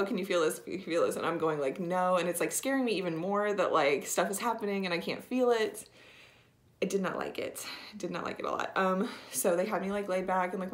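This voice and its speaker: Young woman vlogger, sleep-deprived, slightly low voice, rambling and emotional storytelling. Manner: rambling, frequent "like" fillers, tearful at times.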